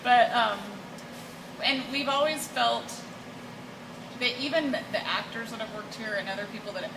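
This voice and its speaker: A woman's voice: fairly high pitch, fairly even intonation, normal speed, vocal fry. Woman answering interview questions in an echoey room. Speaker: building owner and haunted house operator. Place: old school building, indoors. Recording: echoey room, distant mic, loud background noise.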